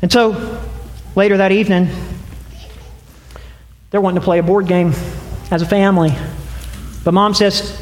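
A man preaching a sermon as pastor, telling a story in an animated way. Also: high voice, moderate pace, long pauses, roomy sound. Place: church.

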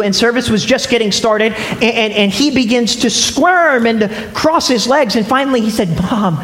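A man's voice: sits high, fairly bright tone, a little hiss or hum. A man preaching a sermon to a congregation, telling stories with frequent restarts. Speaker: pastor. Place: church sanctuary. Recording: echoey hall with long reverb.

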